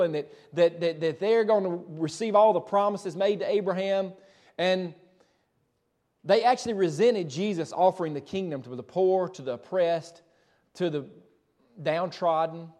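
A man's voice: sits high, normal speed, a little mellow. A pastor preaching a sermon and reading scripture, emphatic and conversational, tossing rhetorical questions to the congregation and correcting himself as he goes.

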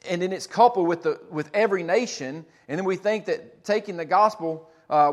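Guy preaching, kinda high voice, earnest, repeats himself a lot. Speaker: pastor. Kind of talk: sermon.

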